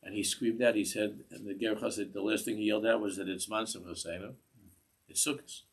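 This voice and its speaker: A man's voice: lowish voice, fairly even intonation, brisk, creaky, breathy edge. A man, a rabbi giving a class in a synagogue, earnest, restarting phrases and mixing in Hebrew terms. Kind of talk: sermon.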